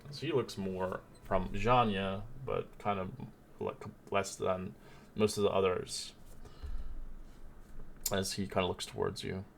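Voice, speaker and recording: A man narrating as game master of a tabletop game, rambling with many pauses and restarts. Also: sits low, level tone, vocal fry, slight background noise.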